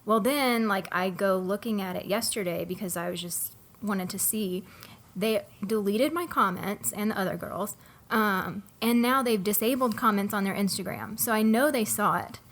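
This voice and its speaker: A young woman co-hosting a podcast, telling a long story in a casual, animated way with many fillers. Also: medium pitch, moderate pace. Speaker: podcast co-host. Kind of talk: casual chat.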